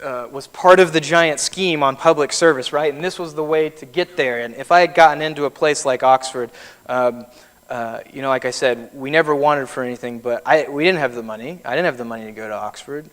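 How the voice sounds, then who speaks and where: This keynote speaker is a man in his thirties with a mid-range, fairly bright voice and a brisk delivery. He tells personal stories conversationally, and the large hall adds long reverb.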